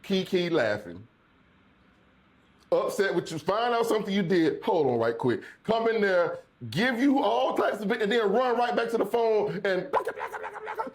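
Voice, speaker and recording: A man co-hosting a podcast, talking casually, halting and repeating words and dropping low when serious. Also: sing-song. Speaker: podcast co-host. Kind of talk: casual chat.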